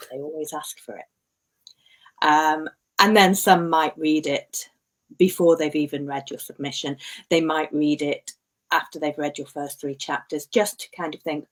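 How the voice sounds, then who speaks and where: Low-voiced woman with a slight lisp. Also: steady tone, moderate pace. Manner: chatty, self-mocking, laughs often. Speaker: writing coach, co-host. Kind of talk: casual chat.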